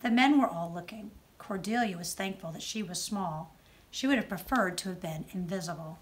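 A woman judge reading a children's book aloud with expressive storytelling. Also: fairly low pitch, normal speed, slight background noise. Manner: expressive storytelling, softer on narration tags.

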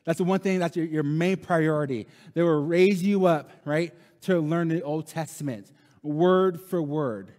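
A man's voice: fairly high pitch, unhurried, darkish tone. Conversational preaching man in a reverberant hall. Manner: conversational preacher, tag questions, repeats lines for emphasis. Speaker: pastor. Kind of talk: sermon. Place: church sanctuary.

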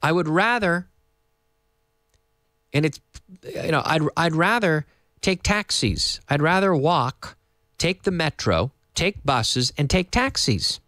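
Brief: male teacher, animated delivery, dry close sound. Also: on the high side, dry recording. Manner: lively, explains slowly with repetition and Spanish glosses. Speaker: English teacher. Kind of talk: casual online English lesson for Spanish speakers. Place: in Madrid.

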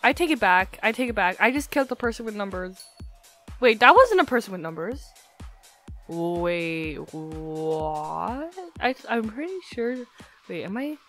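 With faint music behind her, a young woman speaks a little fast in a fairly high voice, commentating casually on her gameplay as a YouTuber using a desktop mic and no face cam. Excitable and giggly, she veers between shrieking and muttering, her pronunciation slightly changed by a retainer.

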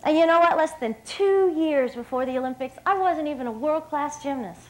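A woman in her thirties from West Virginia, giving a lively motivational speech from a stage at an evening dinner and talking straight to the crowd. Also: high-pitched, fairly quick, poor audio. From West Virginia, USA. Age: 30s. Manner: lively storyteller, often laughing, addressing the crowd directly. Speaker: dinner speaker.

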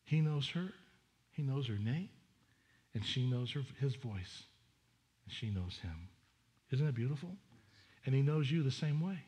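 A man's voice: medium pitch, expressive, unhurried, long pauses, darkish tone. A male pastor preaching a sermon in an earnest, conversational way, often restarting his sentences. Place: church sanctuary.

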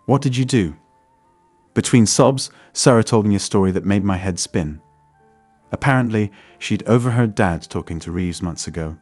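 Low-voiced male story narrator. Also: moderate pace, a little mellow, no echo, faint music behind. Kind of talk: scripted first-person story narration.

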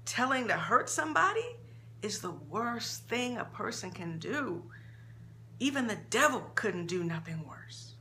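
A woman's voice: medium pitch, expressive, moderate pace, sharp tone, a little hiss or hum. A woman reading the lines of a tearful, blunt, worn-down mother in a dramatic story reading. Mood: upset. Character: weary, hot-tempered struggling mother, adult woman.

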